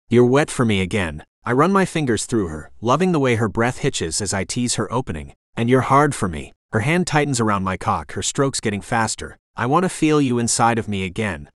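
A man reading a romance audiobook in the first person, his pitch rising and falling with plenty of life. The recording is close and dry, with no room sound. He performs both leads' lines within the narration. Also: dry recording. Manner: lively, voices the dialogue of both leads.

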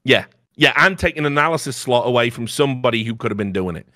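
A man's voice: mid-range voice, lively intonation, fast talker, pushed and bright, no echo, clean studio sound. Heated, profane man ranting on a podcast. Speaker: podcast host. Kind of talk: casual opinionated chat.

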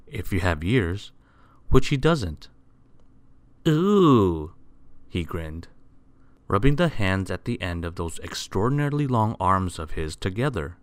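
A man reading a children's picture book aloud, expressive and asking the listener questions. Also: low voice, no echo, studio quality. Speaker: storyteller.

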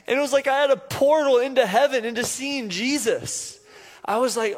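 A man preaching a sermon, telling a personal story earnestly with halting restarts. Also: extremely high pitch, lively intonation. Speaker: pastor. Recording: reverberant church hall.

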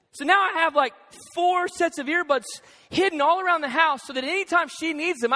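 A young male pastor preaching a sermon, telling stories in an animated, joking way. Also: very high-pitched. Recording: echoey church hall.

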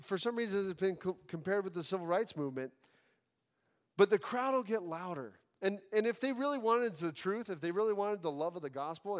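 A man preaching a sermon as pastor, animated, acting out voices from the scripture passage. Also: high voice, big-room sound. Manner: animated preaching, acts out crowd and Pilate lines.

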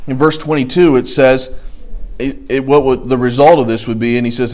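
A man's voice: mid-range voice, little pitch movement, brisk, a little mellow. A middle-aged man teaching an adult church Bible class, telling stories in a loose, conversational way with emphatic stretches. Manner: conversational, anecdotal, sidetracked storytelling with rising emphasis.

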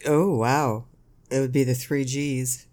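A woman's voice: a bass voice, steady tone, slow pace, mellow. A middle-aged woman co-hosting a podcast with her son, chatting casually, teasing and laughing often. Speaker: podcast co-host. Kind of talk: casual chat.

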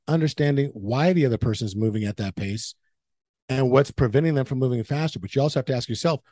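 Fast-talking man giving earnest advice. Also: mid-range voice, mellow, no room sound, studio quality. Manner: earnest, coaching, emphatic. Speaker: podcast guest. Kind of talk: casual relationship advice talk.

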